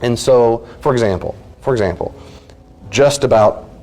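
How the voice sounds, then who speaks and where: A man's voice: medium pitch, normal speed, a little mellow. Earnest man teaching a class. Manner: earnest, acts out everyday conversations. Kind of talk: teaching a study group.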